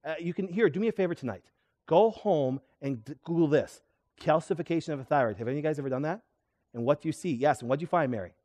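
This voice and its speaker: A middle-aged man, a chiropractor, giving a lively seminar talk and quizzing his audience with questions. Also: a little high, fast talker. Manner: animated, asks the audience questions. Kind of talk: live seminar lecture to an audience.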